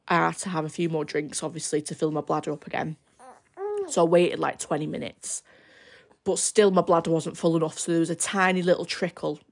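A woman's voice: on the low side, vocal fry, a little mellow. A young woman hosting a personal podcast, telling her story in a chatty, rambling way full of fillers. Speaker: podcast host.

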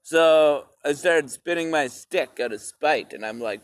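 A man records his podcast outdoors and talks slowly, drifting from thought to thought. His voice sits a little high. He swears casually and speaks straight to his listeners. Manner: rambling and profane, addresses listeners as "peoples". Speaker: podcast host. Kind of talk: casual solo podcast monologue.

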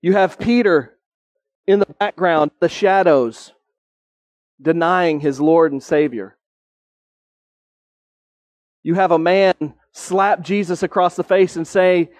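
A man with a high voice preaches with earnest conviction, lifting his pitch on the points he wants to land and slowing right down to stress them. The sound is close and dry, with no room around it. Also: darkish tone, no echo. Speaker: pastor. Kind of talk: sermon.

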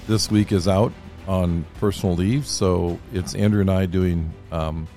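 A man's voice: low voice, fairly even intonation, unhurried, warm tone, faint music behind. A man hosting a faith podcast in a studio, talking earnestly and reading scripture and commentary aloud. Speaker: podcast host.

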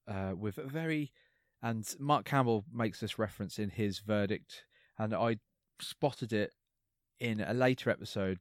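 A man's voice: lowish voice, dry recording, studio quality. A man co-hosting a podcast, casually recapping an episode in a rambling, hesitant way with lots of fillers.

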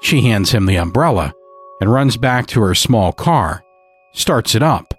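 A man narrating a dark story in a measured, scripted storytelling manner. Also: lowish voice, expressive, husky, faint music behind.

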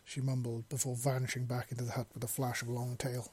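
A man narrating a story in a steady storytelling manner. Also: medium pitch, fast talker, husky, no room sound. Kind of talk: audiobook narration of fan fiction.

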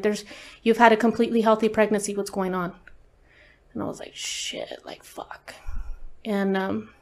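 Candid, swearing woman telling her story. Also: medium pitch. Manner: candid, profane, lots of fillers. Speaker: interview guest. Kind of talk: casual storytelling.

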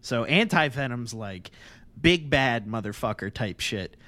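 A man's voice: mid-range voice, expressive, measured pace, bright, forceful tone, no echo. A man co-hosting a podcast in casual chat, laid-back and agreeable, swearing casually. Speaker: podcast co-host.

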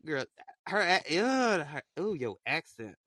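A man's voice: fairly high pitch, big pitch swings, unhurried, pushed and bright. A young man hosting a podcast in loose, casual chat, rambling in slang with lots of fillers. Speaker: podcast host.

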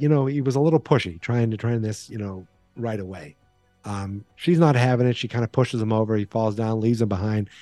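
Male podcast host, dark mellow tone, dry close sound, loose chatty recap style. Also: mid-range voice, no echo. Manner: rambling, chatty, frequent fillers and restarts. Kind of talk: casual horror movie recap.

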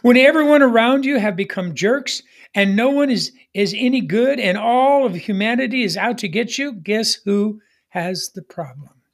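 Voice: medium pitch, animated, normal speed. A preacher giving a sermon, telling folksy jokes and having the congregation repeat lines back. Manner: call-and-response, urging the congregation to repeat lines; folksy, humorous storytelling.

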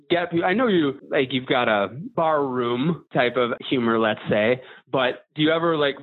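Podcast host man on a tinny line. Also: on the high side. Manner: friendly, rambling questions with restarts. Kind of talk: casual podcast interview. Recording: tinny phone-like audio.

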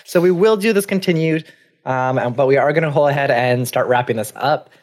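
A man's voice: mid-range voice, brisk, a little mellow. A man hosting a live stream, chatting casually and thanking viewers with lots of fillers. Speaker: host of a live stream show.

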